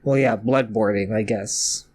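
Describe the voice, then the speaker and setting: A man giving casual, expressive commentary while watching a movie for the first time, swearing and laughing along. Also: on the low side, a little slow, a little hiss or hum. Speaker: movie reactor. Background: film audio playing faintly.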